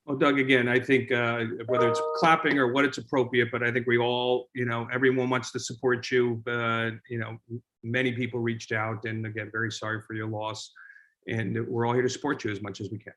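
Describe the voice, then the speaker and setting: A man chairing a community board meeting, talking informally with many halting restarts. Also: mid-range voice, flat delivery, a bit bright.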